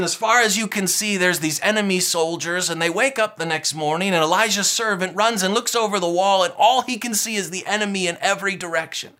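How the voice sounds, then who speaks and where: Male preacher, high bright tone, forceful sermon delivery with lots of repetition. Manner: emphatic, repetitive, rousing. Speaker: pastor.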